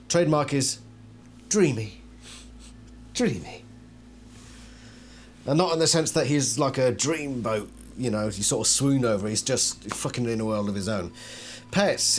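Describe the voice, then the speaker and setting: Man reading cards with wry asides. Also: medium pitch. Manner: wry, skeptical asides between read-out passages; laughs and trails off into quiet mutters. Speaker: channel host reviewing collectible cards. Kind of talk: casual commentary mixed with reading aloud.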